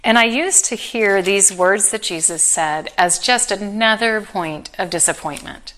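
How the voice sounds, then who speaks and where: A middle-aged woman preaching a sermon, telling a Bible story with earnest warmth and touches of gentle humor. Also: mid-range voice, measured pace, few pauses.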